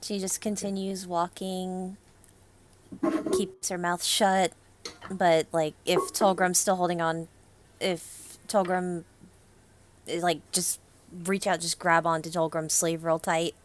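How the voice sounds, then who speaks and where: A woman's voice: fairly low pitch, flat delivery, takes it slowly, slight background noise. A woman playing in a tabletop game, chatting casually in an easygoing way and laughing along. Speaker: player.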